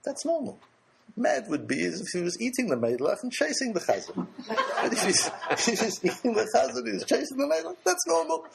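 A man's voice: very high voice, very animated, fairly quick, creaky, very noisy, voice pushed up, full character voice. Man playing a wry, amused old rabbi. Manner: amused, chuckling.

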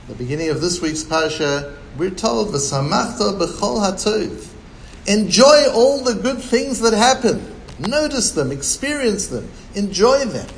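A man with a high voice preaches at an unhurried pace. He speaks as a rabbi, building his points through a string of rhetorical questions. His delivery stays measured and deliberate, with a faint hiss behind him. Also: rough recording. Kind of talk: sermon.

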